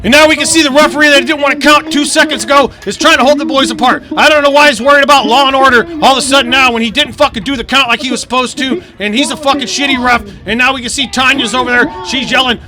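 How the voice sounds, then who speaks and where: A man doing crude, excitable play-by-play commentary at an outdoor backyard wrestling show, often shouting and swearing. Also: very high-pitched, fast talker, few pauses. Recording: loud crowd noise outdoors. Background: cheering crowd.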